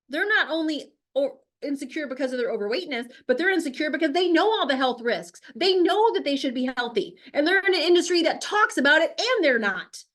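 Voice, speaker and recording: A woman's voice: high-pitched, fairly bright tone. A woman host giving a blunt, emphatic motivational talk, firing off rhetorical questions. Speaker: host, health coach.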